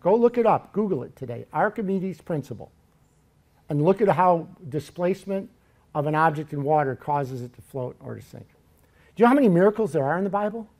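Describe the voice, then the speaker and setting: A preacher gives a sermon in church, his voice a bit higher than most men's. He retells Bible stories in a lively, joking style, acting out the characters along the way.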